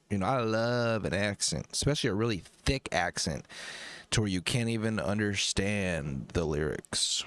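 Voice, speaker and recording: A man on a casual livestream riffs crudely on what he is watching, breaking into loud yells. His pitch swings widely. The sound is dry and close to the mic. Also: lively intonation, moderate pace, no echo. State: drinking during stream. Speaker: streamer reacting to videos.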